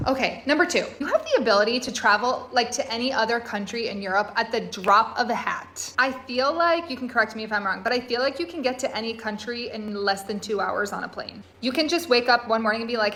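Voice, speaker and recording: A woman's voice: a little high, fairly quick. A woman from the United States talking straight to camera in a casual, emphatic monologue, full of "like". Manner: emphatic, animated, lots of "like". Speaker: content creator living abroad.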